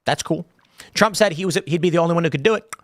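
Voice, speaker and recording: The speaker is a fast-talking man with a high-ish voice, hosting a live show where he reads chat comments and rambles on about them. His casual stream commentary is thick with fillers and repeated starts. There's no echo, and the audio is studio quality.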